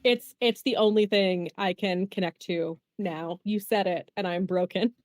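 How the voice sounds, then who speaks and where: A woman chatting casually as a tabletop game player, excitable and quick to apologize for getting carried away. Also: mid-range voice, a little hiss or hum. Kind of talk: casual chat.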